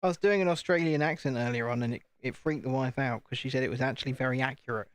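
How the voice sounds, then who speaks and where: A man's voice: mid-range voice, fast talker, smooth, no echo. A British man hosting a casual live stream from home, chatting and joking at his own expense while building. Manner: chatty, joking, self-deprecating. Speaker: channel host.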